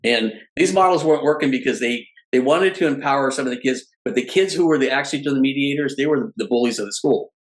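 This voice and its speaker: A man's voice: medium pitch, fast, few pauses, low-quality recording. Middle-aged man telling stories animatedly. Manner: animated storyteller who restarts phrases often. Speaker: guest. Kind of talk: storytelling in a casual conversation.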